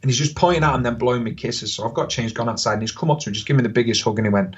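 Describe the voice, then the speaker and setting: A middle-aged man, a podcast guest telling lively football stories in casual chat. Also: mid-range voice, breathy edge. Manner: animated anecdotes, quick bursts, laughs often. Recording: slightly dull lo-fi podcast audio.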